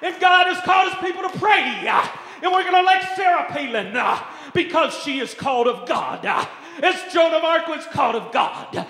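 A man voicing a fiery male televangelist who shouts his sermon and tacks an "ah" onto every phrase. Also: extremely high pitch, animated, normal speed, hardly any pauses, a faint crowd, pitched above the performer's own voice, full character voice. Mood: fervent. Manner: bellowing, punctuates phrases with "ah". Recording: reverberant hall.

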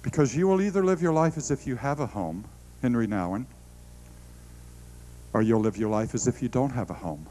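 A middle-aged man preaching a sermon, telling stories with animated delivery, laughing and stammering through restarts. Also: mid-range voice, moderate pace, low-quality recording.

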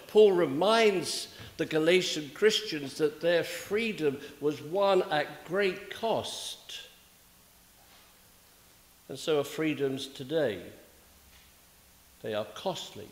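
A man's voice: on the high side, lively intonation, takes it slowly, pauses often. A man with a British accent preaching a sermon, with wry humorous asides. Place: church sanctuary. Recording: echoey church from a distance.

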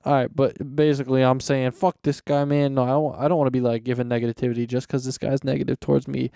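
A teenage guy talks straight into a close podcast mic, rambling through a slangy, mocking rant. His voice is mellow and smooth, recorded dry with no room echo. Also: mid-range voice, level tone, quick pace. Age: teens. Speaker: podcast host. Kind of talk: casual solo podcast rant. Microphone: close podcast microphone.

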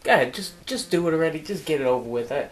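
Woman doing a low, weary fed-up guy. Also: expressive, very fast. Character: weary, fed-up man named Richie. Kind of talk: comedic sketch.

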